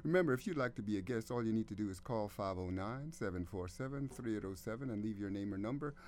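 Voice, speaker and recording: Male community radio host, lowish voice, effusive and stammering, studio mic. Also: fast, slight background noise. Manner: effusive, gushing, stammers with excitement. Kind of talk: casual radio interview.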